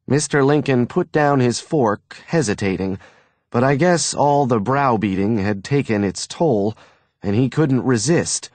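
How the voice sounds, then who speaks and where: Slow, lively male audiobook narrator. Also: mid-range voice, dry recording. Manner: expressive, storytelling.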